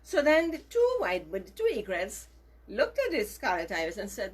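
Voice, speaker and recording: A woman telling a story to children, gentle and emphatic, with lots of repetition. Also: mid-range voice, huge pitch swings, moderate pace, husky.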